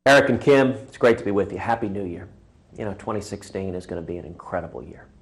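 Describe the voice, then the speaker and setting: A man's voice: low-pitched, lively intonation, fast. Man giving a punchy campaign greeting. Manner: rallying, punchy repetitions. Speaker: presidential candidate. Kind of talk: recorded New Year greeting with a joke.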